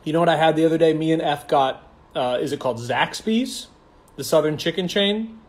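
A man's voice: fairly high pitch, fairly quick. A young man casually chatting on a phone livestream, reading comments aloud in a playful, campy, slangy way. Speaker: stage actor hosting a livestream.

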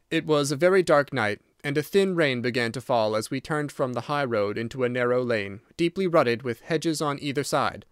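A man narrating a classic detective audiobook in a steady, unhurried reading. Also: mid-range voice, clear, resonant tone, no room sound, clean studio sound. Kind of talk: scripted narration.

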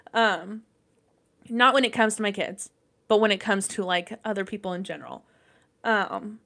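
A young adult woman hosts a podcast, chatting casually, swearing often and rambling with plenty of fillers. Her voice is medium-pitched and a bit bright.

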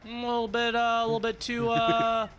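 A man's voice: very high-pitched, monotone, normal speed, crowd noise. A young adult man chatting casually over a video game, joking and teasing in a dry way. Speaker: gaming co-host. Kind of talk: casual chat over gameplay. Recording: noisy home recording.

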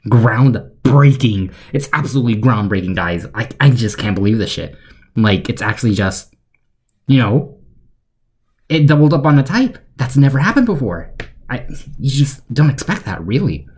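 A young man giving deadpan, sarcastic commentary for a joke video, rambling with fillers. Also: medium pitch, normal speed, long pauses, breathy edge. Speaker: YouTuber.

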